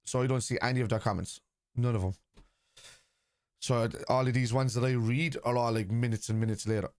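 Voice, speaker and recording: A man's voice: mid-range voice, steady tone, brisk, darkish tone, dry recording. Blunt man, dry close mic. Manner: blunt, combative with chat, reads comments aloud. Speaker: football watchalong host. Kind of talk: casual live-stream chat.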